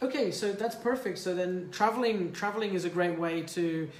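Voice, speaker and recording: Speaking at an ordinary speed in a high voice, this man runs a livestream and talks easily with callers, often restarting and using fillers. He's an English teacher as well as the host, and his livestream mic picks up a roomy sound with a bit of faint noise.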